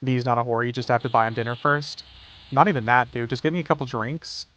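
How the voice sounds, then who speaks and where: A man's voice: mid-range voice, fast talker, a bit bright, lo-fi sound. A man streaming a game live, chatting casually, joking and swearing freely, often saying "dude". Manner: laid-back, joking, swears freely, says "dude" a lot. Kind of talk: casual livestream chat while playing.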